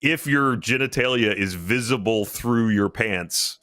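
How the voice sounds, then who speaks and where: A man on a podcast with dry, deadpan humor. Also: on the low side, a little slow, no echo. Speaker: podcast co-host. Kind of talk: casual podcast chat.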